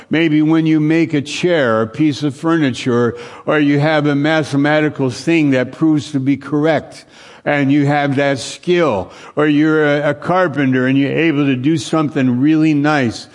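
Slow, earnest male preacher. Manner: slow, earnest preaching with long pauses, sinking to a hushed low voice; repeats phrases for emphasis, with occasional restarts. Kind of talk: sermon.

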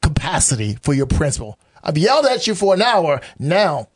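A man talks through a Bible passage in a relaxed conversational style, with a lively pitch that jumps up for emphasis. He repeats phrases, restarts sentences, and acts out imagined replies from God. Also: normal speed, breathy edge. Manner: animated, acts out God's voice in quotes. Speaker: pastor or Bible teacher.

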